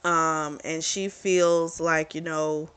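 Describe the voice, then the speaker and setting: A woman's voice: sits low, level tone, takes it slowly, a bit bright, smooth. A woman casually recapping a romance novel's plot as a book reviewer, chatty and candid, with free swearing.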